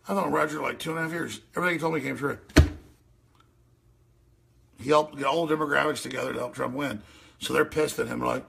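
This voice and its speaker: A man hosting a radio show, ranting and mocking as he reacts to news clips, with a gravelly voice. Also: fairly quick, a bit bright. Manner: ranting, mocking, mimics voices in shrill falsetto. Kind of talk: animated commentary over news clips.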